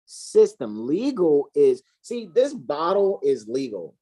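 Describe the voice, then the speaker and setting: A woman's voice: very animated, takes it slowly, dark tone. A woman co-hosting a heated, casual discussion, talking in an emphatic, profane and preachy way. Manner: emphatic, profane, preachy, swings between high and low pitch. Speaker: co-host.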